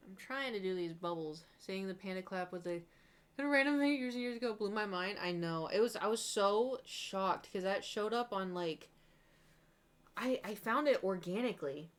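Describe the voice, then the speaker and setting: Young woman streamer just rambling while painting, animated, keeps quoting herself. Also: medium pitch, normal speed, clean tone. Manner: rambling, animated storytelling, quotes herself with exclamations. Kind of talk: casual chat while painting on a live stream.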